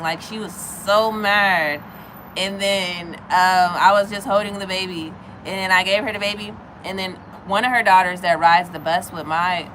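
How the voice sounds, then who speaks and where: A bright, crisp-voiced woman in her thirties, livestreaming, tells her viewers a story in casual chat, animatedly acting out other people's lines in a high voice. The audio is poor, with a faint hum in the background.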